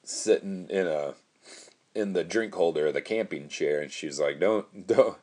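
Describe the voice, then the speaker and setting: A man's voice: sits low, moderate pace, a little mellow. A young man hosting his own podcast, telling a story in a rambling, casual way, laughing often and swearing freely. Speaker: podcast host.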